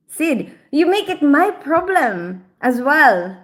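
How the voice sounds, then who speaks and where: A woman's voice: high voice, very animated, drawn-out words, fairly bright tone. Chatty middle-aged woman hosting a live stream. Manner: chatty, teasing, laughs often, scolds a viewer playfully. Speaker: livestream host reading chat. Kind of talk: casual live-stream chat.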